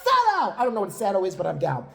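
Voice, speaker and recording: A woman vlogger casually recapping a reality show in an animated, gossipy way. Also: fairly low pitch, rapid-fire, gravelly, raised voice. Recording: echoey room.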